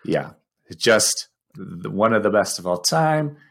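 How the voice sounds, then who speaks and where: A man with a low, gravelly voice chats casually on a podcast in an easygoing, wry way. His deep tone has plenty of vocal fry. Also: expressive, slow, fairly bright tone. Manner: easygoing, wry, multitasking while talking. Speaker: podcast co-host. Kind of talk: casual chat.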